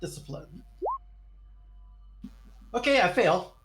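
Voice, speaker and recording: A man's voice: high voice, animated, slow pace, over music, low-quality recording. Hesitant man thinking aloud at a game table. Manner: thinks aloud, hesitant and searching as he picks his moves. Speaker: player.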